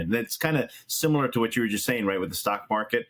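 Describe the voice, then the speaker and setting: A man's voice: lowish voice, expressive, quick pace, hardly any pauses, a bit bright. A man hosting a finance chat show, telling stories in an easygoing way and backing up his guest. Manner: easygoing, storytelling, affirming. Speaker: show host. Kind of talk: casual chat.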